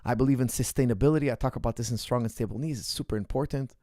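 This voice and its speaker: A coach in his forties answers viewer questions on a live stream, talking casually and repeating points for emphasis. His mid-range, dark voice comes rapid-fire, with clean studio sound and no room echo.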